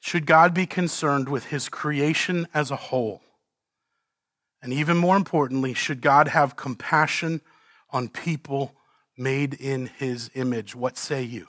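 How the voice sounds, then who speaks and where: A man preaching a sermon with fervor, moving between quiet, earnest points and loud, pleading cries, and ending in prayer. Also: mid-range voice, fairly even intonation, unhurried, no room sound, studio quality. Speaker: pastor. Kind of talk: closing prayer.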